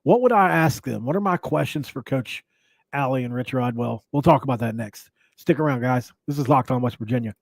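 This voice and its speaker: A man's voice: mid-range voice, moderate pace, creaky, no room sound. Rambling male sports podcast host. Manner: rambling, restarts, jokey asides. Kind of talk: casual sports podcast commentary.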